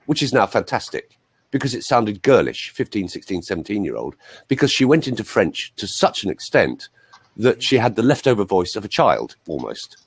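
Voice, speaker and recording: A man's voice: on the low side, normal speed, breathy edge, dry recording. A man working as a voice coach, chatting casually and telling rambling anecdotes full of asides. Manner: animated storyteller, rambling asides.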